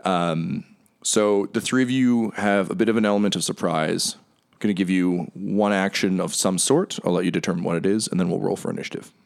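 A man's voice: deep voice, steady tone, fairly quick, vocal fry. A man narrating as game master of a tabletop game, describing scenes with frequent ums.

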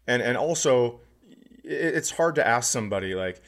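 A male comedian co-hosts a podcast and tells a story in loose, casual chat, restarting often and breaking into sudden excitement. His voice sits in the mid range and moves at a normal speed.

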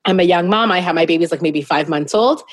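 A woman's voice: on the low side, fast, no echo. A woman in her thirties, a business founder, telling her story as a guest in a casual interview from her home in a candid, chatty and self-deprecating way.

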